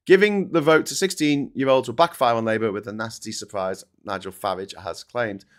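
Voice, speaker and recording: A man's voice: medium pitch, fairly quick. A middle-aged man with a Scouse accent, hosting a casual live news chat, reading viewer comments aloud and ranting bluntly with plenty of swearing. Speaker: host.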